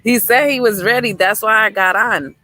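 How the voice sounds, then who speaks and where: A bright, crisp-toned woman hosts a casual live stream from outdoors by a lake, talking into her phone. She is chatty and upbeat and keeps greeting viewers by name. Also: a little high, moderate pace, no room sound, poor audio. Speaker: live show host.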